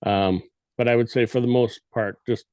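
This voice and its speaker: A man's voice: medium pitch, steady tone, moderate pace, a little mellow, clear, resonant tone, no echo. A man on a podcast casually explaining elk cow calls and sometimes mimicking them with his voice. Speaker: guest elk calling expert.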